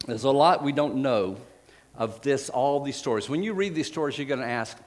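A man preaching in a relaxed, conversational manner, retelling scripture stories in plain everyday words. He stops often to hunt for a verse, backs up, and corrects himself. His voice sits at a middle pitch. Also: normal speed, big-room sound. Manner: conversational storytelling, retelling scripture in casual paraphrase; frequent fillers and self-corrections while finding verses. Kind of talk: sermon.

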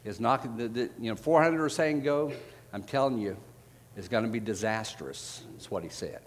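A man preaching in a relaxed, conversational manner, retelling scripture stories in plain everyday words. He stops often to hunt for a verse, backs up, and corrects himself. His voice sits at a middle pitch. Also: normal speed, long reverb tail. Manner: conversational storytelling, retelling scripture in casual paraphrase; frequent fillers and self-corrections while finding verses. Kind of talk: sermon.

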